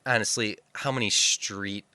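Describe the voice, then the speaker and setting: A man co-hosting a film podcast in casual chat, animated and self-mocking, often breaking into laughter. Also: lowish voice, normal speed, dry recording. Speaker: podcast co-host.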